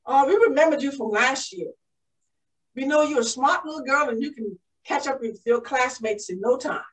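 A woman voicing a kindly female schoolteacher who speaks gently and welcomingly. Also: high-pitched, expressive, normal speed, recorded from a distance, poor audio.

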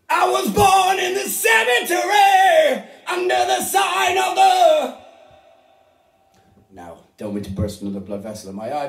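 A man's voice: mid-range voice, dark tone. A middle-aged man who sings heavy metal, explaining his vocal technique in a casual, rambling, unprepared way with plenty of fillers. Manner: rambling, informal, with many fillers. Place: band rehearsal room. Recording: roomy rehearsal room echo.

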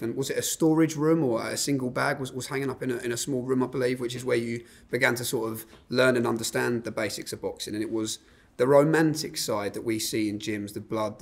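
A man's voice: medium pitch, gravelly. A man interviewing a boxer, asking long leading questions.

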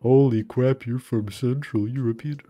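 A man's voice: mid-range voice, steady tone, moderate pace, warm tone. A young man streaming games, chatting casually and swearing as he rants in frustration. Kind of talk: casual gaming stream chat. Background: faint background music.

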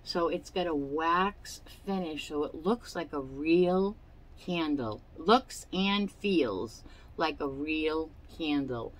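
A woman hosts a casual show-and-tell crafting vlog from her home. She talks at an unhurried, slow pace in a slightly low voice, rambling through asides and fillers. She has the hiccups. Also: animated, low-quality recording. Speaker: crafting channel host.

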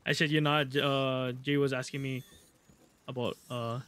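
A man streaming a video game live, excitable, swearing a lot and joking with chat. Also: mid-range voice, a little slow, clean tone. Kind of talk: live gameplay commentary.

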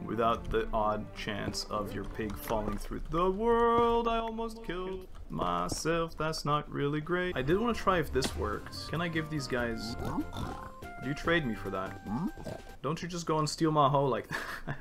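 A man with a gravelly, creaky voice riffs through his gameplay, his pitch leaping up and down as he jokes and laughs. Game music plays in the background. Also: animated, moderate pace. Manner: jokey, laughs often, banters with himself. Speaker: gaming streamer. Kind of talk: playful gameplay commentary.

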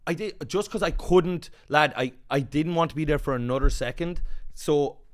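A Northern Irish man on a podcast, telling a story in a breathless, animated, swearing way, acting out the people in it. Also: a little high, normal speed. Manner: animated, swearing, breathless retelling with quoted voices. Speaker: podcast co-host. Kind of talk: casual storytelling chat.

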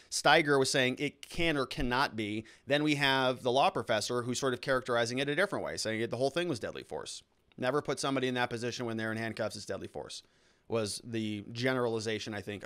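A man's voice: medium pitch, fairly quick, fairly bright tone. A man hosting a show, giving casual legal commentary on courtroom testimony and explaining it step by step. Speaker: lawyer hosting a trial analysis show.

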